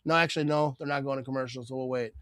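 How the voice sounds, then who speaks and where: A man's voice: medium pitch, fairly even intonation, rapid-fire, a bit bright, clear, resonant tone, no room sound, clean studio sound. A man from Wisconsin hosting a live watch-party stream, chatting casually, laughing often and repeating "you know what I mean.".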